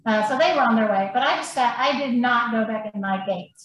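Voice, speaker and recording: A woman on a podcast telling a story in an animated, blunt manner and swearing freely. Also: on the high side, fairly quick, lo-fi sound. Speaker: podcast guest. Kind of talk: casual storytelling. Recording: very echoey room, faint noise.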